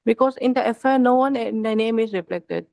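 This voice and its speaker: A woman's voice: on the high side, a little fast, gravelly, a little mellow, dry recording. A woman arguing as prosecutor in court, insistent, opening and closing nearly every phrase with "Lordship". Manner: says "Lordship" constantly, insistent. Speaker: public prosecutor. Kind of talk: courtroom argument.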